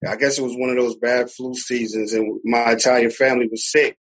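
Man with new jersey accent, husky voice, dull lo-fi call audio, relaxed storyteller. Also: medium pitch, brisk. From Newark, New Jersey. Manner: relaxed storyteller, fillers and laughs. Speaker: podcast guest. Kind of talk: casual conversation.

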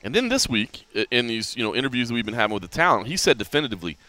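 A man hosts a casual sports podcast, talking fast and with lots of energy. His voice is bright and swings widely in pitch. It is recorded close and dry, and he restarts his sentences often as the thoughts tumble out. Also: no room sound. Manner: animated, talks fast with many restarts. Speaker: podcast host.

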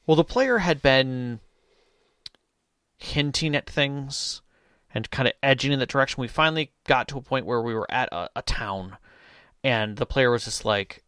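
A man's voice: medium pitch, normal speed, sharp tone, clear, resonant tone, no echo, studio quality. A man and podcast co-host who runs tabletop games, chatting casually and retelling a table story with energy. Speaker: game master, podcast co-host.

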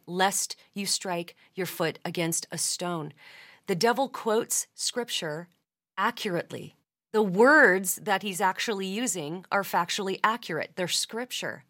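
A woman hosting a podcast, giving a measured teaching talk that quotes scripture at length. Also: medium pitch, a bit bright. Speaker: podcast host.

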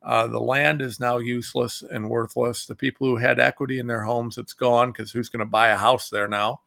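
Fired-up midwestern guy ranting on his show, gravelly bright voice, dry close sound. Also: level tone, moderate pace, dry recording. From Ohio. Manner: heated and indignant, swinging between loud outbursts and low muttering. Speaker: talk show host. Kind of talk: impassioned political commentary.

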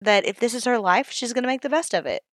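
A woman's voice: a little high, quick pace, a bit bright, no echo. A woman co-hosting a podcast, casually talking through a TV episode and building her points step by step. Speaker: podcast co-host. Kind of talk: casual chat about a TV episode.

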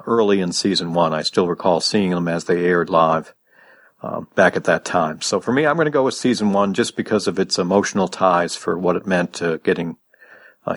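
A man podcaster gives his thoughts in a recorded guest message. He speaks reflectively and fills his pauses with "uh." His voice is somewhat low and sounds dry and close. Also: husky, no room sound.

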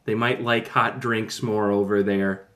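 A man's voice: on the low side, flat delivery, a little slow, a bit bright. A man in casual chat as a podcast co-host, thoughtfully laying out options one by one.

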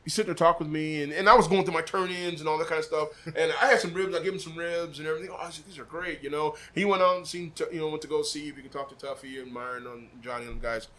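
A man's voice: very fast, hardly any pauses. A man from Des Moines telling a story casually, acting out quotes with big jumps in his voice. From Des Moines, Iowa. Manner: animated, acts out quotes with big pitch jumps. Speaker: barbecue sauce maker, podcast guest.

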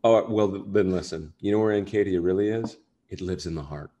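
Man, very deep voice, rambling casual chat, lots of fillers, actor guest. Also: a little fast, dark tone, muffled recording, a little hiss or hum. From United States. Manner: rambling, self-deprecating, many fillers.

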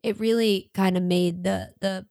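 A woman's voice: mid-range voice, steady tone, a little slow, mellow, no room sound, studio quality. A woman in a casual book review chat, rambling and filling her talk with "like". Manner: rambling, many fillers.

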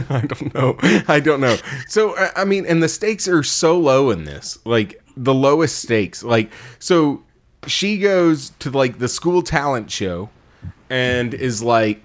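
A man retelling a book in casual chat, animated and profane, laughing often. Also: medium pitch, slow.

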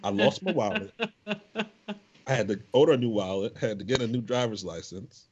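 A man's voice: medium pitch, moderate pace, husky, dull audio. A young man co-hosting a podcast, telling stories in a joking, slangy way. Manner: animated, joking, slangy storytelling. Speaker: podcast co-host. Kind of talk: casual chat.

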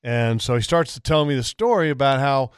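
A man's voice: medium pitch, brisk, clear, resonant tone, dry recording, clean studio sound. A man hosting a radio talk show, chatting casually and talking over his co-host. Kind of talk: casual chat.

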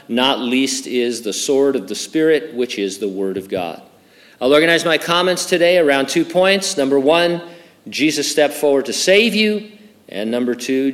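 A pastor preaching a sermon, speaking in a measured way with deliberate emphasis. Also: male voice, mid-range voice. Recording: reverberant hall.

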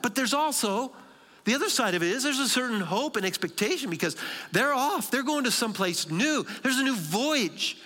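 A man preaching a sermon in a church, moving between soft, slow lines and emphatic bursts. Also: high voice. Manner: dramatic pauses, shifting between soft and emphatic. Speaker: pastor. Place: large church sanctuary. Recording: long hall reverb.

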